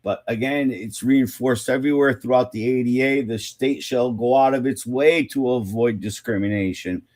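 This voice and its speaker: A man's voice: mid-range voice, normal speed, a little mellow. A man hosting an unscripted advocacy talk, blunt and informal, rambling with many fillers, repeated words and restarts. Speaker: activist host.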